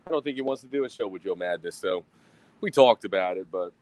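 Brief: male livestream host, lowish voice, cussing, rambling, self-mocking, recorded outdoors on a phone. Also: expressive, fast, darkish tone, no echo, low-quality recording. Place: outdoors at a grill.

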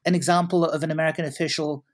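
A man's voice: fairly high pitch, fairly even intonation, rapid-fire. A wry, hesitant middle-aged man telling anecdotes. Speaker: interview guest, journalist. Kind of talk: conversational interview.

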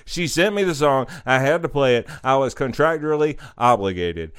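A man hosting a radio music show, mocking listener-sent songs with crude, sarcastic jokes and loud outbursts. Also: mid-range voice, animated, normal speed, clear, resonant tone, dry recording, clean studio sound. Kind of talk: comedic music review rant.

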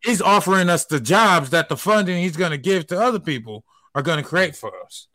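A man's voice: high-pitched, animated, fairly quick, bright, forceful tone, dry recording. A man in a casual group discussion, explaining his point at length and building his argument step by step.

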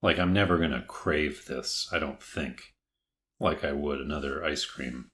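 Deep-voiced man, measured and thoughtful. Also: fairly bright tone. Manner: measured, thoughtful, weighs his words. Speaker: podcast co-host. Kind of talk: casual chat.

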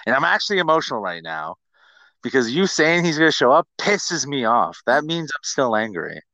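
A man's voice: medium pitch, sing-song, a little fast, sharp tone, no room sound. A man in his forties hosting a podcast, talking in a casual, profane, ranting way. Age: 40s. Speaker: podcast host.

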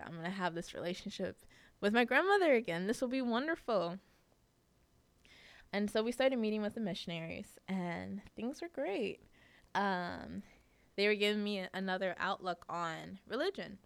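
A woman's voice: fairly low pitch, creaky, clear, resonant tone, no echo. A young woman hosting a podcast, telling a personal story in a casual, chatty way with lots of fillers. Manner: chatty, many fillers, laughs often. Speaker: podcast host.

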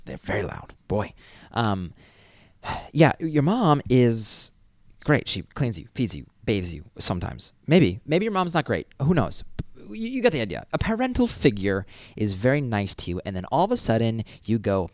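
Here a college student vlogger in his early twenties chats loosely at the camera, swearing often and slipping into playful voices. He speaks at medium pitch and a moderate pace, with huge swings in pitch and a slightly mellow tone, in a dry recording.

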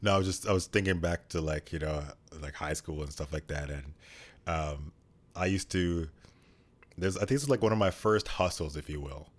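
A man with a deep voice chatting casually as co-host, rambling with many fillers. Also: normal speed. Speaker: podcast co-host. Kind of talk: casual chat.

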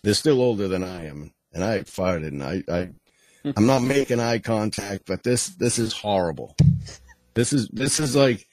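A man's voice: on the low side, expressive, moderate pace, darkish tone, dry recording, low-quality recording. A man, hosting a podcast and telling a rambling comic story, chuckling often and restarting his sentences. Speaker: podcast host. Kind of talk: casual comedic storytelling.

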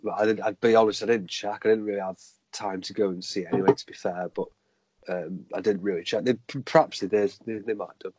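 A man's voice: on the low side, fairly even intonation, fast, a little mellow, husky, no echo, low-quality recording. A man chatting casually as a podcast co-host, hesitant, with many fillers and restarts. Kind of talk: casual chat.

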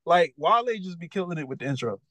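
A young man from talks in a loose, rambling way, leaning on fillers as he co-hosts a casual chat show. His voice sits a little higher than most men's. The sound is dry and close, with no room around it. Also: lively intonation, quick pace, fairly bright tone, no room sound, poor audio. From Maryland, USA. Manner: laid-back, rambling, lots of "like" and "bro". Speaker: podcast co-host.

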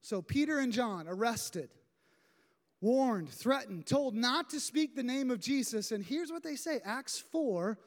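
A pastor preaching a sermon in a church sanctuary, retelling a story in an animated, emphatic way. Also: medium pitch, unhurried. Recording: long hall reverb.

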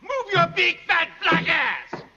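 An actor playing a cruel, insulting slave master of sixty in a film, harsh and commanding. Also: male voice, very high voice, very animated, slow pace, gravelly, bright, forceful tone, long reverb tail, highs cut off, soft background music, exaggerated voice. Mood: contemptuous.

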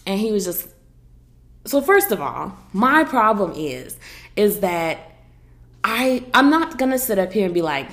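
A woman's voice: medium pitch, big pitch swings, a little slow, a bit bright. A woman hosting a podcast, chatting casually in a sassy, blunt, profane way and telling stories with lots of energy. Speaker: podcast host. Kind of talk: casual opinion chat.

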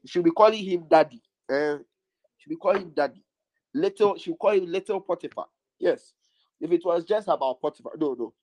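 A man's voice: high voice, a little fast, darkish tone, no echo, low-quality recording. A man preaching a sermon, stressing his points by repeating lines over and over.

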